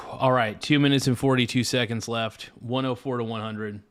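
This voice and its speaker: Excitable male streamer reacting live. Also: mid-range voice, normal speed, slight background noise. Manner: excitable, frustrated, swears often. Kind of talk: casual live-stream chat and game play-by-play.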